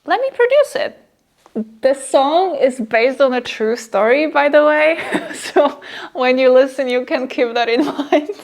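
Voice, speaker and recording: A woman's voice: sits high, unhurried. A woman narrating her music production vlog in a chatty, easygoing way, often breaking into giggles.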